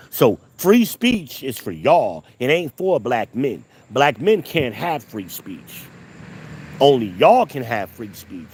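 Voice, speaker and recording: A man, a father of two daughters, delivering a casual, heated rant, emphatic and repetitive, often rising in pitch. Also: breathy edge. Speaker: commentator.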